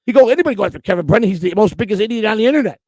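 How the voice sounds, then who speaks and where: High, gravelly man ranting on a stream. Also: animated, rapid-fire, a little mellow, dry recording. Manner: profane, repetitive, emotional. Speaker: co-host of a streamed morning show. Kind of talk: heated livestream rant.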